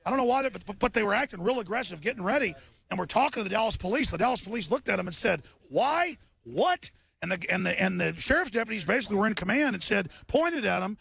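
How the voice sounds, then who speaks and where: A man's voice: sits high, expressive, rapid-fire, vocal fry, fairly bright tone, husky. An agitated man hosting a live radio show, worked up after a scuffle, emphatic and repeating himself as he recounts what happened. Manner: emphatic, repeats words, restarts often. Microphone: studio radio mic.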